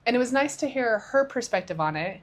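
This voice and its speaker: In this casual chat, a middle-aged woman co-hosting a podcast retells a conversation with a friend, restarting a few times. Her voice is fairly high, animated, and brisk.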